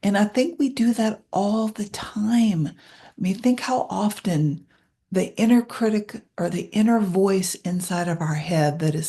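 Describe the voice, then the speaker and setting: A woman in her sixties who leads meditations, talking candidly and with self-deprecating humor before easing into a soft, hushed guided meditation. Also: mid-range voice. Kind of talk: casual talk leading into a guided meditation.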